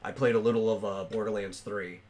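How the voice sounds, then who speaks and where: A man's voice: fairly low pitch, fairly even intonation, brisk, a little mellow, a little hiss or hum. A man hosting a casual podcast, talking loosely with lots of fillers and restarts. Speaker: podcast host.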